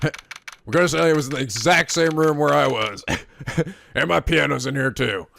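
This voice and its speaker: A man giving casual, excitable commentary over a video game, swearing and laughing often. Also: fairly high pitch, moderate pace, vocal fry, no room sound. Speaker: let's play host. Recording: game music underneath.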